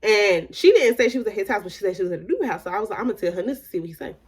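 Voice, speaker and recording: A woman's voice: mid-range voice, animated, very fast, breathy edge. Candid woman telling a storytime. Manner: emphatic, repeats "like" often; candid, retells dialogue with shifting emphasis. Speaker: storytime vlogger. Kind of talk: casual storytime.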